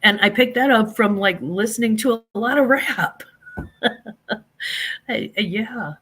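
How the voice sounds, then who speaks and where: A man's voice: high voice, slightly rough. A man hosting a casual livestream, chatting animatedly with viewers and reading out their comments. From Saint Louis. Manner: animated, chatty, drawn-out emphatic phrases. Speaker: livestream host.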